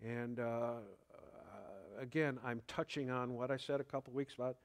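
A man preaching a sermon in an unhurried, conversational way, with fillers and the odd chuckle. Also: medium pitch. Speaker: pastor.

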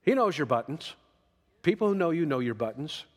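A man's voice: fairly high pitch, big pitch swings, moderate pace, husky, big-room sound. A man preaching a sermon in a folksy way, reading scripture and acting out quoted voices. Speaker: pastor.

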